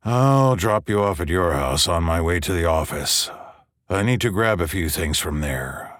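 A man voicing a formal, shy male doctor who talks in a halting way, stammering with fillers. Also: sits low, animated, fairly bright tone, no room sound, studio quality. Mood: flustered.

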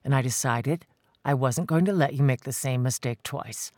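A reader voicing a determined man who speaks calmly and firmly, refusing to back down. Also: normal speed, no room sound, clean studio sound, close to an everyday voice. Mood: calm, insistent. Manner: calm, firm, low-key. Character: determined man, calm, insistent, devoted. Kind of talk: audiobook character voice.

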